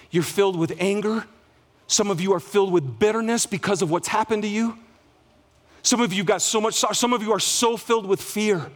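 High-voiced man preaching with big swings. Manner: dynamic preaching, swings from loud cries to hushed lows. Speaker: pastor. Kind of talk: sermon.

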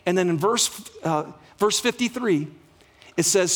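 A man with a high-pitched voice preaches a sermon to his congregation. His delivery swings dynamically between fervent, loud exclamations and soft, hushed passages. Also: moderate pace. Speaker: pastor.

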